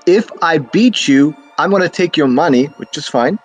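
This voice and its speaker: A man's voice: on the high side, expressive, moderate pace, dull audio, soft background music. A man on a stream call, arguing defensively, talking over the host and restarting his sentences. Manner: defensive, talks over others, restarts often. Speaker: caller on a stream. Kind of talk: heated argument on a call.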